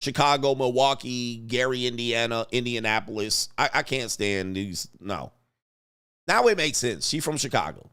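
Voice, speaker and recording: Blunt, mocking man with lively pitch. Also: moderate pace, clear, resonant tone. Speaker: commentary host. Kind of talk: livestream reaction commentary.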